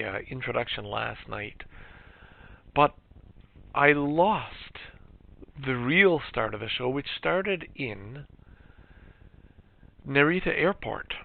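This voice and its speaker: A man's voice: mid-range voice, vocal fry. A middle-aged man hosting a podcast, talking in a casual, reflective, rambling way with frequent fillers. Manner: reflective, chatty, trailing off with fillers. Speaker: podcast host. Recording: lo-fi phone-like sound.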